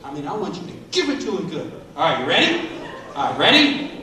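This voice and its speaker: A middle-aged man speaks to a school assembly in a high, bright voice that swings widely as he jokes and coaches. He sounds distant from the mic. His voice echoes heavily around a large hall. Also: quick pace. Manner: animated, coaching and joking. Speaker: motivational speaker.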